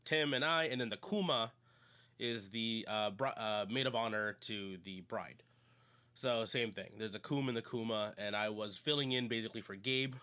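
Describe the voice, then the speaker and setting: A man's voice: on the low side, moderate pace, bright, forceful tone, smooth. A man co-hosting a podcast, telling a story in casual chat with lots of fillers and restarts. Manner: rambling, many fillers and restarts. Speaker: podcast co-host.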